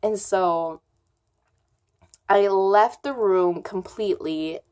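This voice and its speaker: Young female vlogger, unhurried delivery, loose and rambling casual storytelling. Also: medium pitch, darkish tone. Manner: rambling, filler-heavy storytelling.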